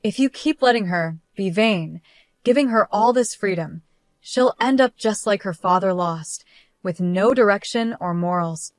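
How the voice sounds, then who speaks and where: A stern, cold grandmother, read by a woman narrator speaks with calm superiority and a scolding edge. Her voice sits at a middling pitch. The recording is dry and close. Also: a little slow, dry recording, lightly acted.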